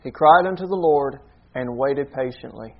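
A man's voice: mid-range voice, moderate pace, creaky, dull audio. A man preaching a sermon in an earnest teaching manner, often checking in with a rhetorical "okay?".

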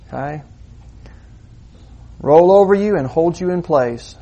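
Male preacher, slightly high voice, animated sermon delivery with sudden emphatic bursts. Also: takes it slowly, long pauses. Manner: lively, shifting between quiet asides and loud emphasis. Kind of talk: sermon with demonstration.

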